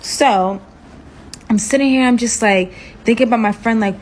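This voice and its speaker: A woman's voice: a little high, normal speed, slight background noise, rough recording. A young woman casually telling a dramatic personal story, acting out the dialogue as she goes. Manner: animated, dramatic retelling with acted-out dialogue.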